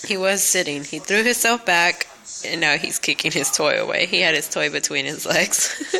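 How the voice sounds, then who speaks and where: A woman's voice: medium pitch, animated, measured pace, bright, forceful tone. A woman filming her baby at home, narrating and talking to him in playful, sing-song baby talk. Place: home, indoors.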